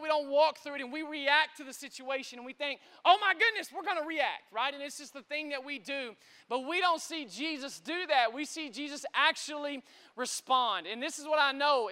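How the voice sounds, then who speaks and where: High, bright-voiced preaching man. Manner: animated, peppers lines with "right?", stammers and repeats words. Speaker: pastor. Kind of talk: energetic sermon. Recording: echoey large hall.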